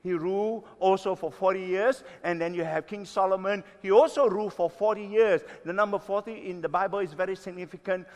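A pastor in his sixties preaching a sermon, emphatic, stretching key words slowly and swinging between loud and soft. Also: high voice, steady tone. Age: 60s. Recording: long reverb of a hall.

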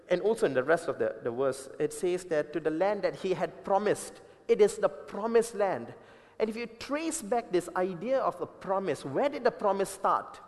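Male preacher, emphatic sermon delivery, repeats key points, slightly high voice. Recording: long reverb of a large hall.

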